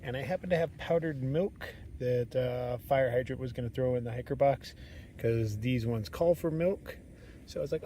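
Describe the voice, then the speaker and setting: Chatty hiker man with a gravelly voice. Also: medium pitch, normal speed, a little mellow, a little hiss or hum. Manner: chatty, rambling, often drops to a whisper. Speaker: thru-hiker vlogger. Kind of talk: casual outdoor vlog. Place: outdoors on a desert trail.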